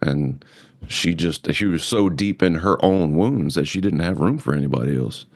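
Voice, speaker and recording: Very deep-voiced man, candid podcast talk. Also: expressive, moderate pace, a little mellow, no echo. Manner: candid, swears, speaks of personal hurt. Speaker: podcast host. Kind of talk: casual podcast conversation.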